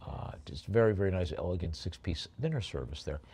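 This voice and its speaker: A male auctioneer calling bids at a live auction, moving between brisk bid calls and rambling, halting asides about the items. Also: low voice, expressive, dark tone.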